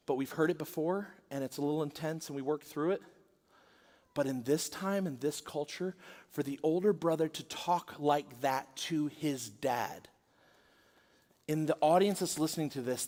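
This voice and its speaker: A man with a high voice preaches to a congregation, telling the story with dramatic swings between quiet, intimate asides and loud, acted-out quotes. His voice rings through a large church auditorium with a long reverb. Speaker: pastor. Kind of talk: sermon.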